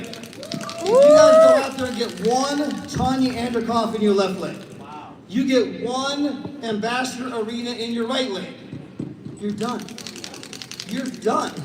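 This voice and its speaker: High-pitched guy pumping up a crowd, acts out voices, repeats himself, noisy distant recording. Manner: acts out quoted voices, repeats key lines. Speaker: network marketing speaker. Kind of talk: motivational stage talk. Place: large event hall. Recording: echoey hall, distant mic, noise.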